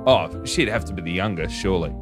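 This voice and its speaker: Brief: Australian male co-host, mid-pitched, quick laughing banter, music running underneath. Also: lively intonation. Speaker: podcast co-host. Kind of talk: casual comedy banter. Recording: live show with music behind.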